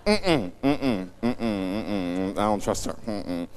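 A man voicing his quiet, suspicious wife, who hums her disapproval and warns him away from someone. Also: lowish voice, expressive, slow, slight background noise. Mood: wary, disapproving. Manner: disapproving humming and clipped refusals.

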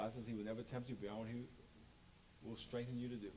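A man preaching a sermon as pastor, animated and joking, acting out quotes. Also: mid-range voice, very fast, noisy background.

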